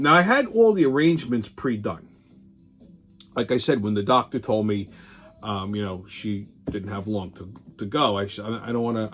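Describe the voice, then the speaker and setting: A middle-aged man, hosting his show and telling a blunt, profane story in a casual monologue. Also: medium pitch. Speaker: show host.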